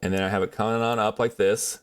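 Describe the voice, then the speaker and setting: A man's voice: on the low side, little pitch movement, fast talker, smooth. A man chatting casually on a livestream while drawing, rambling in a friendly way with many fillers and restarts.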